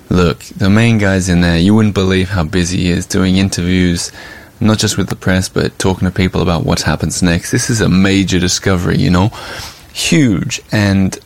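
A man's voice: deep voice, vocal fry. A man hosting a podcast, telling a story in a casual, chatty way with asides and fillers. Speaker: podcast host and journalist.

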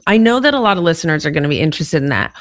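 Woman interviewer, lowish voice, curious, dry close recording. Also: very animated, very fast, no room sound. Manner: curious, asks follow-up questions. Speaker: podcast host. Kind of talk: casual interview conversation.

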